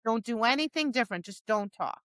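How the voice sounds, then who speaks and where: A woman's voice: on the high side, fairly quick, dry recording. A woman co-hosting a dog training podcast, telling stories in casual chat and acting out quotes. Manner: animated storytelling with acted-out quotes, many restarts.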